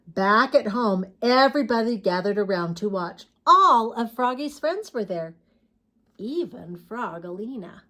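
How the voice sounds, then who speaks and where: Woman preschool teacher, warm, sing-song storybook reader, high and unhurried. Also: expressive. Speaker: preschool teacher reading to kids. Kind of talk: children's story read-aloud.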